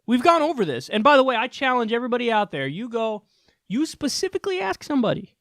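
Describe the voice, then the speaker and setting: A man's voice: high-pitched, sing-song, fast, fairly bright tone, dry recording, studio quality. Fired-up sarcastic male commentator. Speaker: political commentator. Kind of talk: heated commentary rant.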